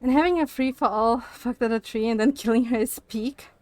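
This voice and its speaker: Speaking fairly quickly in a fairly high voice, with no echo, this young streamer chats casually with her live chat. She's walking on a walking pad, slightly breathless, and full of animated swearing and frequent laughter.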